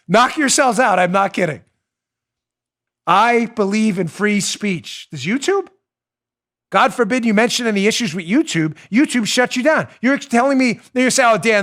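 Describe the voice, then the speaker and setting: A man with a high-pitched voice hosts a political talk show. He talks in an indignant, sarcastic monologue and presses his points with repeated rhetorical questions. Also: fairly bright tone. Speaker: host.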